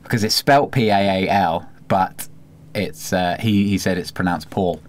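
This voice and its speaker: A young man talks football on a podcast in an easy, relaxed manner, his voice sitting fairly low. He chats loosely with his co-host and now and then slips into a mock accent for fun. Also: moderate pace. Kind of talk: casual football chat.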